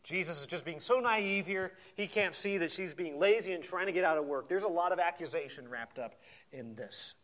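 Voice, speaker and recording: A man preaching a sermon in a conversational, animated way, often repeating words as he goes. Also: high-pitched, a little fast.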